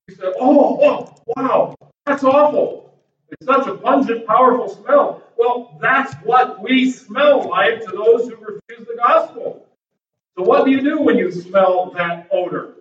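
A man with a high voice delivers an animated sermon and acts out people's reactions. He is recorded from a distance in an echoey church sanctuary, and the sound is dull. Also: a little hiss or hum. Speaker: pastor.

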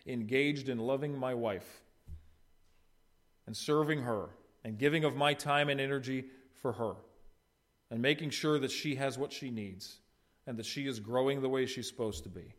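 A man's voice: mid-range voice, normal speed. A middle-aged man preaching a sermon, addressing the congregation with rhetorical questions and short retold dialogue. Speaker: pastor.

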